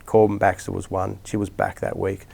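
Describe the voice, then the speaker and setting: Aussie footy coach, middle-aged man, low voice with some fry, chatty and rambling, full of restarts. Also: monotone, moderate pace, a little mellow. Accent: Australian. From Australia. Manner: rambling anecdotes with many restarts and fillers. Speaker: rugby league coach, podcast guest. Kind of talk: casual storytelling interview.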